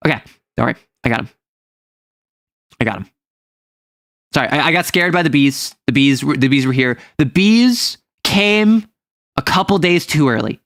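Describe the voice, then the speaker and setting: A man's voice: fairly high pitch, animated, normal speed, long pauses, fairly bright tone, dry recording, studio quality. A man streaming live, joking around in a goofy, playful way and swinging into mock drama. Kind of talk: joking livestream chat.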